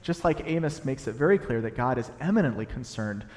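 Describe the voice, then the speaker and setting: A young adult man preaching a sermon in a church, animated, building to emphatic peaks as he explains a passage. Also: medium pitch, brisk. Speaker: pastor. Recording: long hall reverb.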